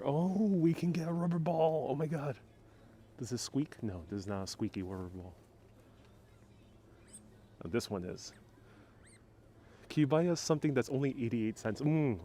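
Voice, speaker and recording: A man with a mid-range, dark-toned voice hosts a livestreamed walking tour, first outdoors on city streets and then inside a small discount store. He's playful and jokey, reading viewers' chat comments aloud into a wireless clip-on mic while filming on a phone mounted on a gimbal. There's a little hiss or hum in the audio.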